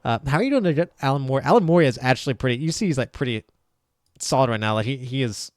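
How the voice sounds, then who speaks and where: A man's voice: mid-range voice, animated, fast, no echo. A young man narrating a tabletop game as game master, stumbling through restarts and fillers. His mid-range voice sounds close and dry, with no room around it. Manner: hesitant, filler-heavy narration.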